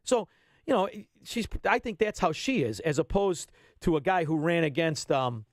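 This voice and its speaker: A fifty-something man rants bluntly on talk radio, his voice sitting fairly high for a man. He lurches from punchy outbursts to low, muttered asides. The sound is close and dry. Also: very animated, normal speed, no echo. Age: 50s. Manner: blunt, ranting, swings between loud and low. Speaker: radio guest. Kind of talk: heated political radio talk.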